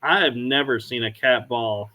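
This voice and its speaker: A man hosting a podcast, telling stories in a casual, unhurried way. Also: medium pitch, pushed and bright. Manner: storytelling, unhurried. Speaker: podcast host. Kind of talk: casual chat.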